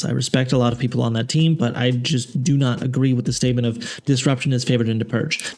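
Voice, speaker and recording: A man's voice: medium pitch, a little mellow. A man hosting a casual tabletop game analysis, rambling and correcting himself as he goes, frank with his opinions. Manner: rambling, self-correcting, filler-heavy. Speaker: tabletop game channel host.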